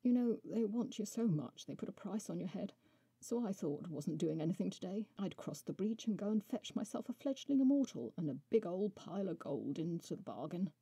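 A woman voicing a male winged horse-like beast in a storybook reading, speaking slowly and teasingly. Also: on the low side, lively intonation, gravelly, warm tone, husky, no echo, heavily acted. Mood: drawling, mocking.

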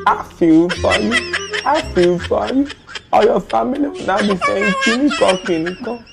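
A man's voice: very high-pitched, fairly even intonation, loud music behind the voice, pitched above the performer's own voice. A man playing an overeager salesman who puts on a bad American accent and drags out his sentences. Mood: hammy. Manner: slow, drawn-out sentences.

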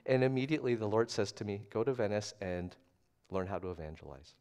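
A middle-aged man giving a storytelling sermon at a church service, chatty and self-deprecating, shifting between hushed asides and loud animated bursts. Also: fairly low pitch, fast talker, gravelly. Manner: conversational, self-deprecating, often asks "right?". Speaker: guest preacher.

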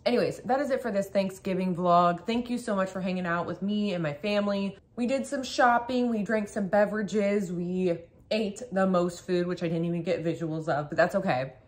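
A woman's voice: medium pitch, normal speed, few pauses. A woman chatting casually in a home vlog, rambling and filling her talk with "like" as she tells stories from her kitchen. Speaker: vlogger.

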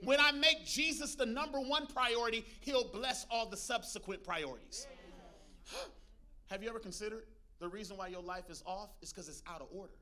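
Man, pastor, sermon, call-and-response, high-pitched, very bright tone. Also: normal speed. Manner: preachy call-and-response with congregation, humorous asides. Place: church.

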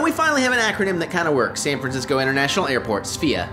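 A woman's voice: sits low, huge pitch swings, racing, few pauses, over music. A woman hosting a boozy movie reaction, giggling, swearing and sing-songing jokes. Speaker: reaction video host. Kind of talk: drunken movie reaction commentary.

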